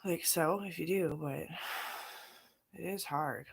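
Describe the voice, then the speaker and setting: Rambling, profane woman with a low voice. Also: takes it slowly, vocal fry, breathy edge. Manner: profane, scattered, talks in run-on asides. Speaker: vlogger. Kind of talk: rambling casual monologue.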